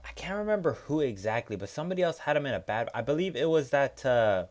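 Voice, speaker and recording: A man's voice: mid-range voice, sing-song, quick pace, darkish tone, a little hiss or hum. A young man hosting a casual solo fight recap, talking in profane, heated rants full of fillers. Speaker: MMA recap host.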